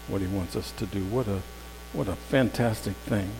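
A man preaching a sermon in a conversational storytelling way, swinging from loud emphasis to hushed tones. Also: fairly low pitch, expressive, normal speed, few pauses. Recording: long hall reverb with faint mains hum.

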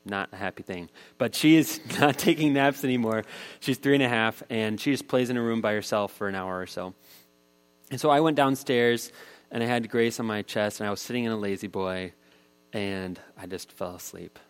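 A man's voice: lowish voice, moderate pace, smooth. Man in his thirties telling a sermon story. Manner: conversational storytelling, voice rising with the tension of the story. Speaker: pastor.

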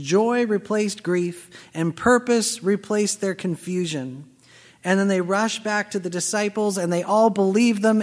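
A man preaching a sermon as pastor, telling a personal story and acting out the dialogue. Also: high-pitched. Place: church sanctuary. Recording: long reverb of a large hall.

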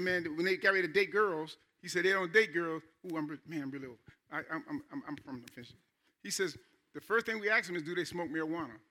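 A man's voice: high-pitched, sharp tone. A man preaching a Sunday sermon in a conversational style that rises to emphatic calls. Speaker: pastor.

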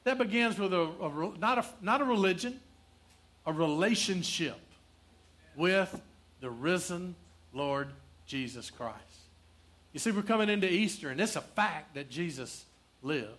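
A male pastor preaching a sermon in church, quoting Scripture, asking the room for answers, and softening into prayer. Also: high voice, animated, measured pace. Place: church, also streamed online.

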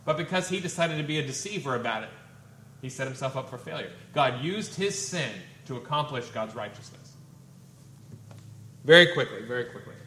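A man's voice: medium pitch, expressive, a little fast, fairly bright tone. A man preaching a sermon, reading scripture aloud and explaining it in plain everyday talk. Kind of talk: expository sermon. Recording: echoey room with faint ambient noise.

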